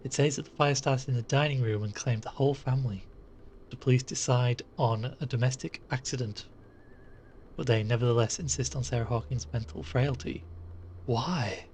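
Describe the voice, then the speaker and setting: A man's voice: medium pitch, normal speed, a little mellow, slight background noise. A man casually commenting while playing a game live, chatty and jokey with rambling asides.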